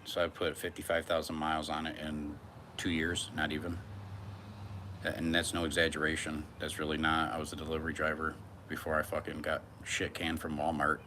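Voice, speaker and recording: Deep-voiced man rambling on a livestream. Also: monotone, a little fast, sharp tone, slight background noise. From United States. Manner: rambling, rhyming, swears often, playful. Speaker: livestream host. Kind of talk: casual livestream chat. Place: Michigan, summer heat.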